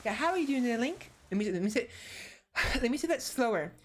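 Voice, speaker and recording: A woman's voice: a little high, animated, brisk, rough recording. A woman streamer talking casually to her viewers while she plays a game. She rambles, corrects herself and greets viewers by name. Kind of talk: casual live-stream gaming chat.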